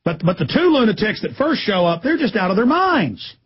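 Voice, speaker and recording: A man ranting indignantly as a radio talk show host, breaking into mocking shouts. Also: sits high, very animated, fairly quick, slightly rough. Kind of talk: impassioned radio rant. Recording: dull lo-fi radio broadcast.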